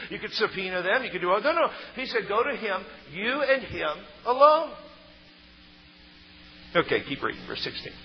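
A man preaching a sermon, emphatic and stressing key words loudly. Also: high voice, a little hiss or hum. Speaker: pastor. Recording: muffled sound in a reverberant hall.

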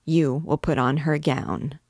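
A woman's voice: fairly even intonation, darkish tone, dry recording, clean studio sound, heavily acted. A woman reading aloud and voicing a brooding, stern male archdeacon, grave and commanding. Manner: grave, commanding, low and measured, erupting in anger. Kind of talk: audiobook character reading.

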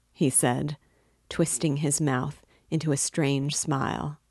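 Low, slow woman reading a novel. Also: husky, no echo, studio quality. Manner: measured, even narration. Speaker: book reader and guide.

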